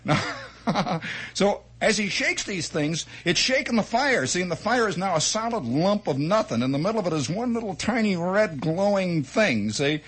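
Guy spinning a funny story, husky, bouncy high voice, does sound effects. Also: normal speed. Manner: animated, chatty asides, sound effects. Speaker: radio storyteller. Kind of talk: comic storytelling monologue.

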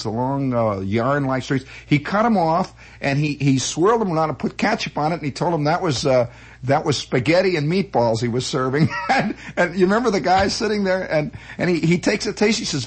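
A man telling comic stories in a rambling, animated way, full of restarts and acted-out voices. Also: fairly high pitch, slightly rough. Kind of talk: comic storytelling monologue.

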